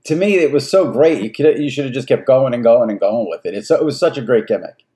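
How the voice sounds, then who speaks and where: Male podcast host with a very animated pitch and eager questions. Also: fast talker. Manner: enthusiastic, stacks up several questions at once. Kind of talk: casual interview chat.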